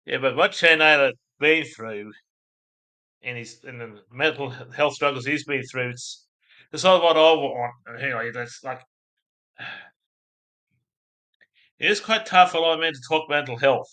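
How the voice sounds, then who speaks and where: Bright-voiced Australian man streaming. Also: mid-range voice, a little slow, pauses often. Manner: rambling, chatty, laughs at chat. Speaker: livestream host. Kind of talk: casual livestream chat.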